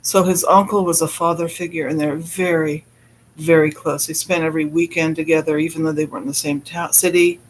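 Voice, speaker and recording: A man with a notably high voice talks loosely to his live stream audience. He laughs often and breaks off mid-thought to greet viewers in the chat before picking his story back up. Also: little pitch movement, brisk, slight background noise.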